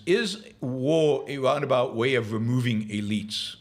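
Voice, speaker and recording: A man with a medium-pitched voice speaks unhurriedly with hardly any pauses while hosting a live show. Answering viewer questions, he gives opinionated takes thick with fillers and repeated words, growing emphatic and ranting heatedly, yet hesitant when reflective.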